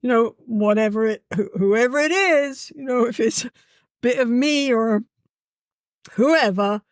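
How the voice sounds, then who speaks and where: Woman, lively storyteller, dry sound. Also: fairly high pitch, measured pace, dry recording. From England. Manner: lively, warm-hearted, with a frequent "you know". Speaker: guest. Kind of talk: casual conversational storytelling.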